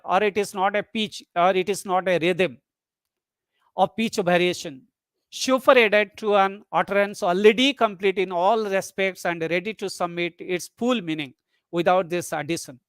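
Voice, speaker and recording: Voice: mid-range voice, moderate pace, fairly bright tone, clean tone, no echo. Webinar lecturer going thru it step by step, repeats stuff, dry close sound. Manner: methodical, repeats points and demonstrates example sentences. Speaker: lecturer on English intonation.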